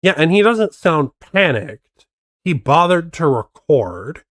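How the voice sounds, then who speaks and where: A man's voice: a little high, very animated, slow pace, no room sound, studio quality. A man streaming casual reaction commentary, skeptically picking apart how a video was faked. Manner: skeptical, picks apart tricks.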